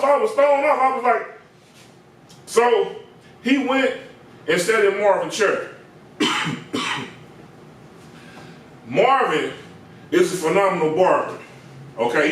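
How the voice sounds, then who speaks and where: A man with a high-pitched voice spins a slangy, animated barbershop tale and acts out the people in it. The recording is distant from the mic and very echoey, as if caught from across a bare room. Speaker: barber and comedic storyteller. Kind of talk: comedic storytelling.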